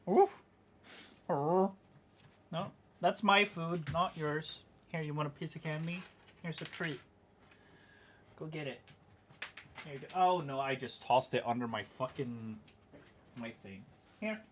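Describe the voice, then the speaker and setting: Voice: medium pitch, takes it slowly, pauses often, a little hiss or hum. A streamer from Sweden, chatting casually and profanely to a live audience from home. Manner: loose and profane, talks to chat and to a pet. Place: home room. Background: music.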